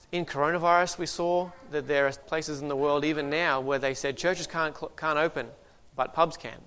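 Man preaching in a relaxed conversational way. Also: a little high. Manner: conversational, with joking asides. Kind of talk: sermon.

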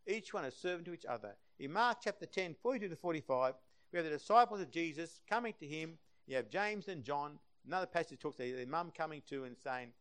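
A man preaching a sermon, swinging between loud passionate emphasis and hushed, quiet stretches. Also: fairly high pitch, lively intonation, fast talker.

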